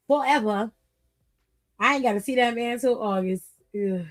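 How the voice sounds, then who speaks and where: A young woman with a high voice hosts a casual wrestling recap stream. She talks blunt and profane, animated and laughing easily, into a streaming mic. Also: normal speed, faint music behind.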